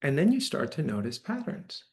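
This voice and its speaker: A man's voice: on the high side, huge pitch swings, normal speed. Conversational male meditation teacher. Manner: conversational, often checks in with "right?". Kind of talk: dharma talk to a live audience. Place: church hall.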